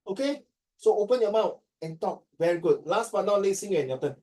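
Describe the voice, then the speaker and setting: A Singaporean man teaching a class, his voice a little high and soft-edged. He jokes as he goes and slips between English and Chinese. He sounds a bit distant from the microphone. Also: lively intonation, fairly quick. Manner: joking, mixing English and Chinese.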